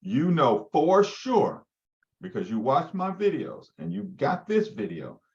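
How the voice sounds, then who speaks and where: A man's voice: a little high, sing-song, measured pace, a little mellow, muffled recording. A man leading a live training session for real estate agents, quizzing his listeners as he goes. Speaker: real estate team leader teaching agents.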